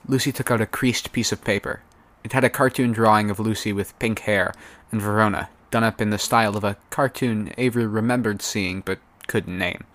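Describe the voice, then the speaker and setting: A man reads a web-serial chapter aloud as a fan audiobook narrator. His voice sits somewhat low, and he keeps a steady, even-paced reading manner throughout. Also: brisk.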